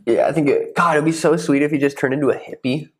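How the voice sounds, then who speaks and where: A man in his twenties hosting a casual podcast chat, loose and profane, often slipping into animated impressions. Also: a little high, fast talker, rough recording. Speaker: podcast host, fighter.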